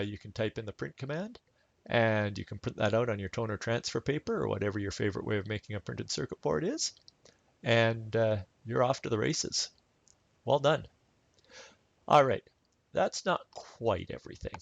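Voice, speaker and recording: A man giving a relaxed, chatty step-by-step software tutorial over a screen recording. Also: on the low side, gravelly, no room sound, lo-fi sound. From Canada. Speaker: instructor.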